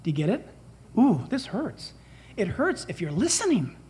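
A man with a very high voice delivers a sermon with sweeping, animated pitch. He preaches emphatically and dramatically, slipping into quoted dialogue as he goes. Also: moderate pace, slightly rough. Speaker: pastor.

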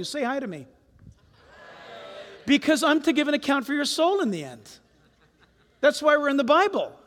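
High-voiced animated preacher in a hall. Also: male voice. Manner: animated, fires rhetorical questions at the congregation. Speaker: pastor. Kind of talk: sermon. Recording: long hall reverb.

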